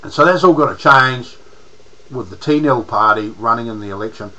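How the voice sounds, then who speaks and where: A man's voice: medium pitch, normal speed, bright, forceful tone, muffled recording. A man with a New Zealand accent, rambling in a casual monologue to camera as a political vlogger, restarting his sentences often and using slang.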